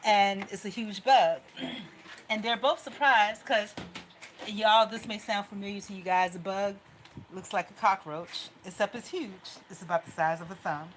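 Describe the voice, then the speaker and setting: A woman vlogger talks through her worries in a rambling, run-on way, anxious and restless. Her pitch sits in a middle range. A steady hiss of background noise runs under the recording. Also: normal speed, low-quality recording. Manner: anxious, talks things out in loose run-on asides. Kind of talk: rambling personal venting monologue.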